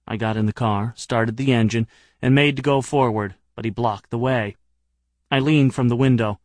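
A man's voice: mid-range voice, steady tone, normal speed, no room sound. A man narrating an audiobook in a wry, dry-humored manner.

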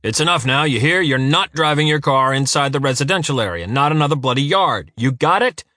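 A man doing a gruff, stubborn old grump. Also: medium pitch, lively intonation, quick pace, a bit bright, dry recording, natural voice. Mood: shouting angrily. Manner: barking, blunt and gruff. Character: grumpy stubborn older man, easily angered.

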